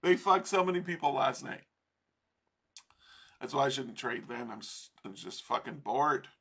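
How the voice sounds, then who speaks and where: A man's voice: medium pitch, expressive, normal speed, fairly bright tone, husky. A man teaching trading over a chart in a casual, profane, rambling way, laughing often. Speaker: trading instructor.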